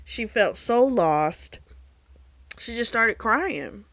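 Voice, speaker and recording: A book reviewer gives a casual spoken recap of a book's plot, retelling it in a loose, animated way full of fillers and the occasional curse. Her voice is bright, forceful and a little high, and she speaks extremely slowly. The recording is dry and close, with no room sound.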